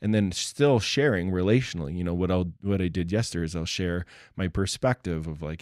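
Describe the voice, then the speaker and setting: A middle-aged man co-hosting a casual relationship talk, explaining things in a calm, affirming way. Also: low voice, a little fast, hardly any pauses, no echo, studio quality. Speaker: podcast co-host.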